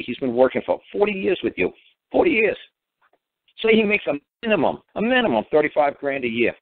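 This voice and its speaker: A man's voice: on the high side, no room sound. Guy rambling thru a family story, blunt, swears a lot, sounds like a tinny phone line. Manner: rambling, blunt, swears, acts out quoted people. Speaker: speaker telling a family story. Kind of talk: casual storytelling.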